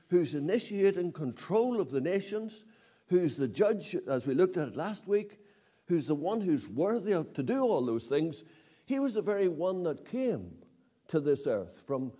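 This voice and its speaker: A man's voice: on the high side, warm tone. A man preaching a sermon to an evening audience, emphatic, repeating key words and asking rhetorical questions. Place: meeting hall with audience.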